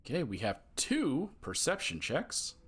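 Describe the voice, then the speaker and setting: A man talks through his gameplay in a relaxed, chatty way, reading dialogue choices aloud with amused asides. His pitch is mid-range but his intonation swings a lot. Soft music sits in the background. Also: measured pace, husky. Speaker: gamer playing and commenting. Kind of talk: casual gameplay commentary.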